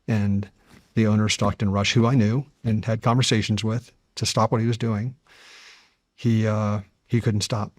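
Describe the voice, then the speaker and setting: Earnest, measured man telling stories. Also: on the low side, no echo, clean studio sound. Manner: measured and earnest, building to animated when recounting history. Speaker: guest, deep-sea explorer. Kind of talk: conversational interview storytelling.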